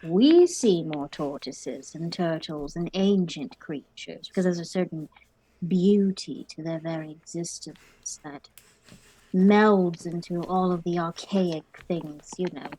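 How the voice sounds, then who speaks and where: Woman playing a slow, stately cat. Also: fairly low pitch, dark tone, low-quality recording. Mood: musing. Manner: slow, drawn-out, deliberate speech. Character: slow, stately cat of an old-fashioned people. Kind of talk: tabletop role-play in character.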